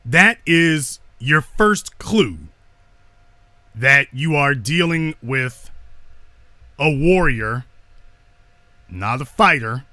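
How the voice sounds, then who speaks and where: Slow, emphatic man lecturing. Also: medium pitch, animated, pushed and bright, no echo. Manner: emphatic, repeats key lines.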